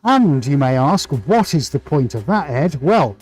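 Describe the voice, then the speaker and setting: A man's voice: a little high, big pitch swings, measured pace, darkish tone, breathy edge, soft background music, rough recording. A man hosting a live painting stream, chatting enthusiastically and playfully as he greets viewers. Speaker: livestream host and painter.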